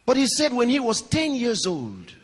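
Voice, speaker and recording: Preaching before a live congregation, this male pastor swings between raised, high emphasis and hushed, low storytelling, addressing questions and asides to the crowd. His pitch swoops wildly, his voice is slightly rough, and he moves at a moderate pace in a hall with long reverb.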